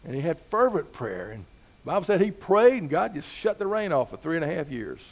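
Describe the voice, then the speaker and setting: A man's voice: fairly high pitch, sing-song, a little fast. A man preaching a sermon as pastor, talking to the congregation in an easygoing way with rhetorical questions and rising emphasis.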